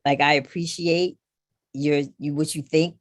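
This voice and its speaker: A woman's voice: deep voice, unhurried, no echo, studio quality. A middle-aged woman, a guest on a knitting podcast, chatting casually and acting out what others said to her. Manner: animated storyteller who acts out others' lines. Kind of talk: casual conversation.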